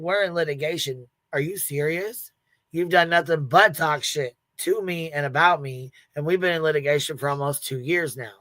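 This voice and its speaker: Deep-voiced and recorded dry, a woman hosts a laid-back livestream right up against the mic. Her storytelling is profane and blunt, full of laughter and animated quotes as she performs what others said.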